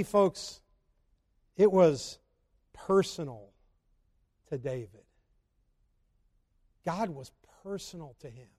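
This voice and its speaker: A man's voice: high voice, a little mellow. A man preaching a sermon and asking the congregation rhetorical questions. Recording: long hall reverb.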